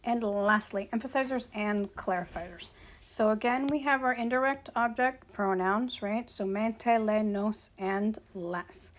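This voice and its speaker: A woman explaining a grammar lesson as a teacher, patient and checking in with her students as she goes. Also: mid-range voice. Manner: slow, patient, checks in with "okay?" and "right?". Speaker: Spanish teacher.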